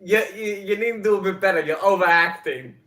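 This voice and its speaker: A woman's voice: fairly low pitch, fast talker, background noise. A woman co-hosting a comic-reading show, chatting playfully with friends and laughing often. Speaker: comic reading podcast co-host. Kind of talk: casual group chat and comic read-aloud.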